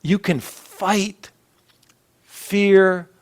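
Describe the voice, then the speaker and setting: A male pastor delivers an earnest sermon in a church sanctuary. His voice sits somewhat high and he takes his time, swelling on some phrases and dropping others to a near hush. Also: steady tone, extremely slow. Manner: earnest, rising and falling preaching with soft dropped phrases.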